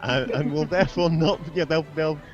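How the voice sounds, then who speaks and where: A man's voice: on the high side, moderate pace, dull audio, soft background music. A man joking dryly as a tabletop game player in a casual session. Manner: dry joking, animated.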